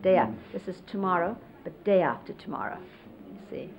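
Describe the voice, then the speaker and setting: A woman's voice: fairly low pitch, lively intonation, vocal fry. Middle-aged woman reminiscing on lo-fi videotape. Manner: conversational, unhurried, often quotes others. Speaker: interviewee recalling life with a spiritual teacher. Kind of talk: casual reminiscing, explaining hand gestures. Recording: lo-fi 1970s videotape, faint hiss.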